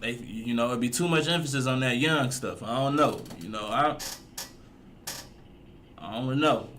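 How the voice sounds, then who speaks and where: A man's voice: mid-range voice, moderate pace, a bit bright, slight background noise. A man giving casual, mocking commentary as he reacts to a clip, drawling and repeating his jokes. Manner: laid-back, mocking, drawling repetitions. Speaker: reaction streamer.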